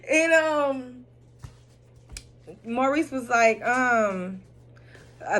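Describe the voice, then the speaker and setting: A woman hosting a casual recap of a TV drama episode, animated and blunt, swearing freely and laughing often as she retells the scenes. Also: sits high, extremely slow, pauses often.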